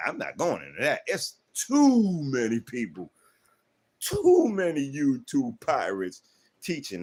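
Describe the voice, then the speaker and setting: A medium-pitched man from South Central Los Angeles rants to his livestream chat. He's profane and confrontational, speaks AAVE, and leans on rhetorical questions.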